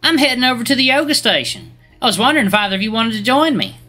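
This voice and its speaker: A man's voice: very high-pitched, very animated, quick pace, bright, forceful tone, soft background music, pitched above the performer's own voice, full character voice. Man voicing a sugary, catty young woman. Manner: sugary, condescending. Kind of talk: video game dialogue read aloud.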